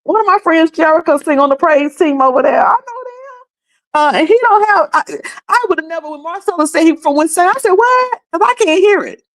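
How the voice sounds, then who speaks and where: A woman's voice: extremely high pitch, fast talker. A woman. She is chatty and loose, laughs often and restarts her sentences as she goes. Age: 50s. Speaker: commentary channel host. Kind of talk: casual commentary.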